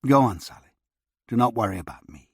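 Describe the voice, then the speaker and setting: A man voicing a brisk, caring young woman who keeps a household in order. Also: mid-range voice, expressive, fairly bright tone, husky, dry recording, studio quality. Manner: brisk, motherly.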